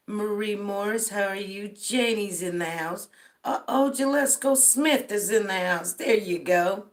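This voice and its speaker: A middle-aged woman from Denver, tired, hosting a casual livestream and greeting viewers by name. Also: medium pitch. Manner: greets viewers by name, drawls friendly shout-outs. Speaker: livestream host. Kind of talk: casual livestream roll call.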